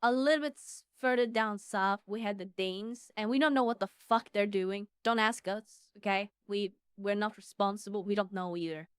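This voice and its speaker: A woman chats casually in English, explaining with playful emphasis. Her voice is smooth and clear, recorded dry and close with no echo. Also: mid-range voice, moderate pace, hardly any pauses. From Sweden. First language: Swedish. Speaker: co-streamer. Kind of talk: casual chat.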